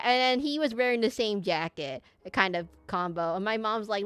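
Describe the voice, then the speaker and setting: A woman's voice: mid-range voice, fairly quick, a bit bright, clear, resonant tone, dry recording. A young woman streaming a game, rambling and laughing as she tells stories to her chat. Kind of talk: casual gameplay stream chat. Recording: game music behind.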